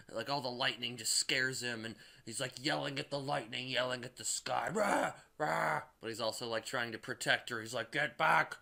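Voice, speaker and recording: Bright-voiced man rambling through a recap. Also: mid-range voice. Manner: rambling, heavy on "like" and swearing. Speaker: movie reviewer. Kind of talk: casual movie recap.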